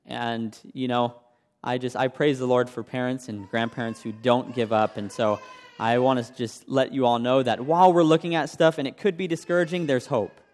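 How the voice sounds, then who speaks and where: A man's voice: mid-range voice, steady tone, normal speed, a little mellow. A young man preaching a sermon, sharing his own testimony in a conversational way and asking the congregation questions. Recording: long hall reverb.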